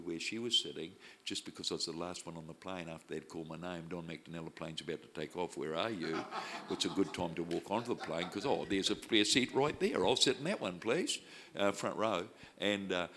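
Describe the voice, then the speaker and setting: A man preaching, telling a personal story in an animated way and acting out the people he quotes. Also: sits low. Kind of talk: storytelling sermon.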